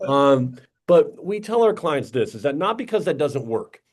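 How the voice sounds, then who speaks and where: A man talking as a podcast guest, blunt and animated, acting out quotes and swearing casually. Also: on the high side, normal speed. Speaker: podcast guest, media company owner.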